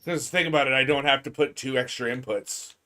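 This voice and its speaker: A man's voice: medium pitch, a little fast, sharp tone. Laughing young man in casual game banter. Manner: laughs often, loose joking banter. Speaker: gaming streamer. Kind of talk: casual chat while playing a game.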